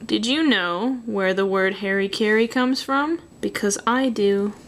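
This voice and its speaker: A young Canadian woman with a Canadian accent and a medium-pitched, unhurried voice hosts a drawing tutorial, with a little hiss or hum in the audio. Her casual commentary is dry and self-mocking, and she often trails off into muttered asides as she works.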